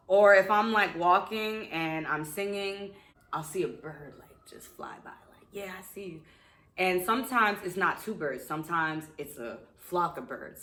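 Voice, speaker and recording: A woman's voice: fairly low pitch, bright, forceful tone, reverberant. A woman, a children's book author, telling a personal story in an emotional, chatty way with many fillers. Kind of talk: casual personal story to camera.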